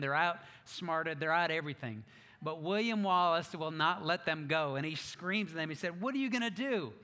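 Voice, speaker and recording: A man preaching a sermon as pastor, telling stories in an animated way with self-mocking asides. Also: fairly high pitch, big-room sound.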